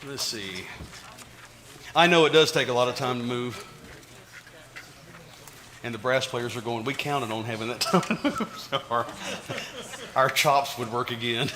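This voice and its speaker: Slow-talking man conducting an orchestra. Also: mid-range voice, long reverb tail, noisy background. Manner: counts beats aloud and scats rhythms. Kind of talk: rehearsal instruction. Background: loud orchestra playing.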